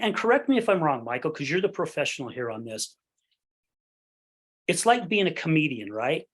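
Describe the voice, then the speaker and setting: Earnest male podcast host. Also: on the high side. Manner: earnest, talkative, often adds "right?". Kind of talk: podcast interview.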